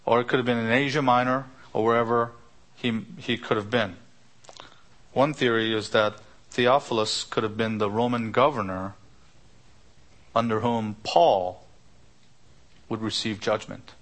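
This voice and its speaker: A man's voice: medium pitch, steady tone, unhurried, pauses often, fairly bright tone. A middle-aged man preaching an expository sermon in a teacherly way, explaining Greek word roots and asking rhetorical questions.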